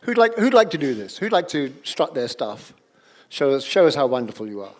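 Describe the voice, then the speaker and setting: This man's voice sits at medium pitch and moves briskly. He's the workshop leader running an improvisation exercise for a live audience in a seminar room, energetically coaxing people and calling out to them.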